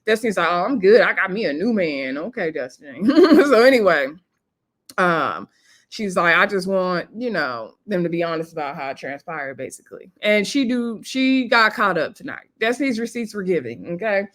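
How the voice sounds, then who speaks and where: A woman's voice: fairly low pitch, very animated, moderate pace, fairly bright tone. A young woman chats casually through a reality show recap. She retells the scenes by quoting each cast member and tosses in sassy asides to her viewers.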